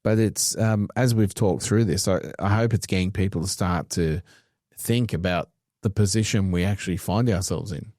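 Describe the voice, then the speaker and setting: Deep-voiced blunt man. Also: normal speed, darkish tone, dry recording, studio quality. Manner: blunt, opinionated, swears freely. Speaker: podcast co-host. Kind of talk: casual podcast chat.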